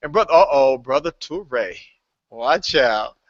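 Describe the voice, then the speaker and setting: A man's voice: medium pitch, a little slow, no room sound. Playful man hosting a lo-fi call. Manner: lively, playful, laughs often, repeats himself. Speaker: host welcoming new members. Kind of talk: casual live call-in chat. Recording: dull lo-fi online call audio.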